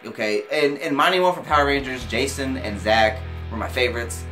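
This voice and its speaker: In a brisk, casual vlog, an excitable young man reviews a film, cursing casually as his emotions run high. His pitch jumps when he gets worked up, and faint, soft music sits underneath his voice.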